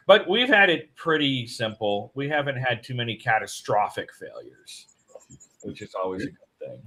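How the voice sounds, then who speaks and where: A man's voice: medium pitch, animated, moderate pace, bright, forceful tone, low-quality recording. A man co-hosting a casual morning show, telling a long rambling story. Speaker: co-host.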